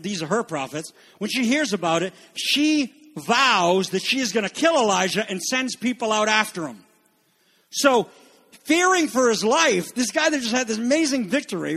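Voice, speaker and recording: A man's voice: high voice, big pitch swings, moderate pace. A man preaching a sermon with dramatic, emphatic delivery. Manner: dramatic, emphatic preaching with swings between loud and hushed.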